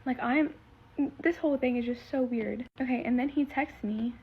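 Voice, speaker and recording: A woman's voice: a little high, moderate pace, slight background noise. A teenage girl telling a story in a casual vlog, rambling and full of fillers as she retells something emotional. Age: teens. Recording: slightly muffled lo-fi recording.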